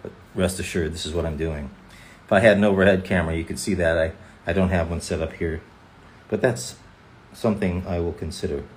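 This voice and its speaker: A man's voice: deep voice, steady tone, a little fast, slight background noise. A voice actor chatting casually and joking with viewers while he signs autographs on a livestream. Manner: playful, jokey, rambling. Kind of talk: casual chat.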